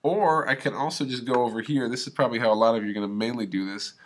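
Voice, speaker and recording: A man's voice: mid-range voice, steady tone, very fast. A man teaching a video editing class, talking through each click step by step in a casual way. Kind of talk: screen-recorded software tutorial.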